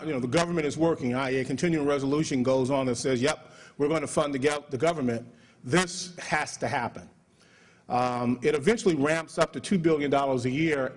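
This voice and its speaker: A man with an American accent giving a conference speech on public health, talking in a conversational lecturing way with many fillers and restarts. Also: fairly high pitch.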